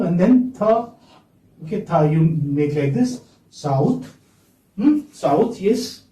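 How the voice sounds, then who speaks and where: Heard from a distance in an echoey classroom, this English teacher has a fairly high, warm voice with lively intonation. He runs a phonetics lesson at a slow, drawn-out pace, nudging his students along with question after question.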